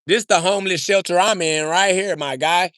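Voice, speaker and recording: A man, ranting loudly and profanely at his livestream chat, mocking and trash talking into a phone. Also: high-pitched, steady tone, moderate pace. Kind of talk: angry livestream rant.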